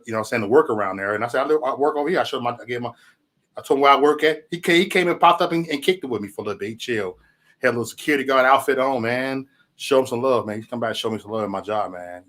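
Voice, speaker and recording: A man's voice: mid-range voice, very fast, a bit bright. A man hosting a casual livestream chat, rambling loosely, swearing, often saying "man" and chuckling between remarks. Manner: loose rambling talk, profanity, frequent "man". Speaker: livestream host.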